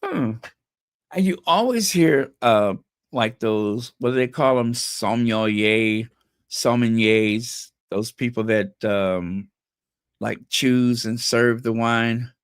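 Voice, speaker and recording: A man hosts a live stream in a loose, playful way, wandering between thoughts and sounding words out again and again. He talks at an unhurried pace in a mid-range voice. The recording is close and dry, with no room sound. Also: medium pitch, smooth, no room sound. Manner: rambling, playful, repeats words trying out pronunciations. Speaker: channel host.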